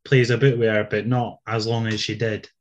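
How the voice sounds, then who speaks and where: A man's voice: on the low side, little pitch movement, normal speed, highs cut off. Chatty Scottish man, casual podcast. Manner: chatty, laughs often, teasing. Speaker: wrestling podcast co-host. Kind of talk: casual review chat. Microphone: leans close to camera mic.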